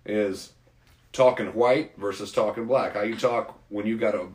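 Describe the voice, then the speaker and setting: A man with a slightly low voice chats in a loose, rambling, opinionated way. His voice carries a roomy echo, as if recorded in an open room. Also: steady tone, moderate pace. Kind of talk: casual conversation.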